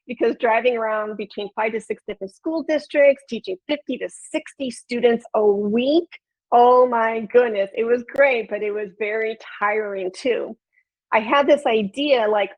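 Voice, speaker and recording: Woman, 30s, Chicago accent, nasal, bright and a bit high, presenting over muffled web-call audio. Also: normal speed. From Chicago, USA. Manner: upbeat, conversational, addresses audience directly. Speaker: podcast producer and flutist presenter. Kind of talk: webinar presentation.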